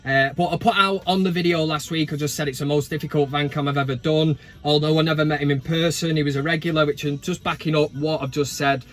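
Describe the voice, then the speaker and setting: A man's voice: on the high side, steady tone, quick pace, few pauses, fairly bright tone. A man hosting a casual football chat vlog, full of jokey banter and swearing. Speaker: host.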